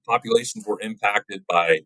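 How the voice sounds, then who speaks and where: A man's voice: lowish voice, normal speed, bright, forceful tone, dry recording, poor audio. A man who works as a wildlife biologist, a guest chatting casually in an interview and often ending his points with "right?".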